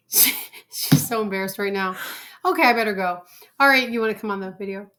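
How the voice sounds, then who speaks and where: A chatty woman hosts a casual home cooking video and talks like the schoolteacher she is. Her voice is bright and ringing, and she keeps up a playful, teasing banter with the family while she tastes the food. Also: medium pitch, brisk, a little hiss or hum. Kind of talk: casual chat. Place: home kitchen.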